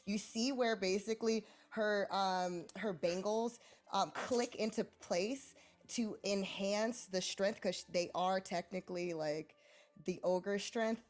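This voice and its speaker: A woman's voice: medium pitch, fairly even intonation, slow pace. A woman playing in a tabletop role-playing game, describing her character's actions hesitantly with many ums and likes. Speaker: player.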